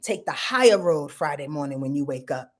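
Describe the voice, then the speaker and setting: A woman's voice: low-pitched, lively intonation, brisk. A woman hosting a casual astrology forecast, brash and profane, playfully acting out quotes. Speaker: astrologer host.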